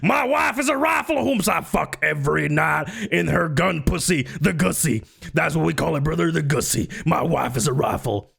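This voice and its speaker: A man's voice: fairly high pitch, animated, moderate pace, vocal fry, few pauses, a bit bright, breathy edge, heavily acted. A man putting on a blustering, gun-loving Texan politician with a Southern twang, drawling and boastful, calling everyone brother. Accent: put-on Southern twang.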